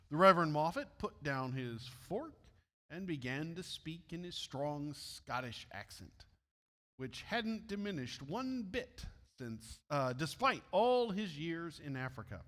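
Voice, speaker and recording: A man's voice: fairly high pitch, very animated, a little slow, a bit bright, big-room sound. Midwestern man reading a story in church. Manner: friendly asides to listeners. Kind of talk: reading a missionary story aloud.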